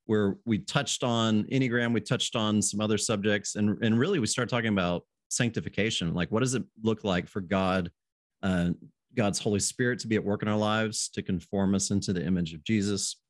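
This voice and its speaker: A man with a lowish voice hosts a relaxed podcast conversation. He is easygoing and chuckles often. The sound is dry and close, with no room echo. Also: brisk. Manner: easygoing, laughs often, restarts phrases. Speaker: podcast host. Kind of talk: casual podcast chat.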